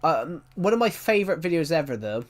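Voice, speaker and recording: Streaming a game, a man chats casually in a slightly high voice with big pitch swings, talking a little fast. He's a rambling storyteller who corrects himself often.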